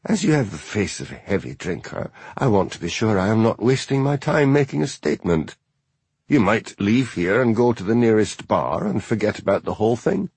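A man doing a prim, haughty gentleman. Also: lowish voice, sing-song, moderate pace, slightly rough, no room sound, full character voice. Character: prissy, haughty male newcomer.

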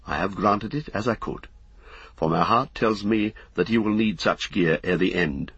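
Noble shieldmaiden lady, gentle, solemn, slightly raised voice, as a male reader puts her on, husky, dull sound. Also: lowish voice, normal speed, no room sound.

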